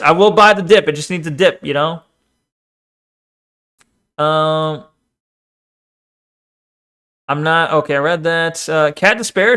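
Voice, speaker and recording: A man streaming and reacting to a video in casual chat, cursing freely, laughing often and stumbling into stammers when he gets worked up. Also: on the high side. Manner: stammers when excited, self-mocking.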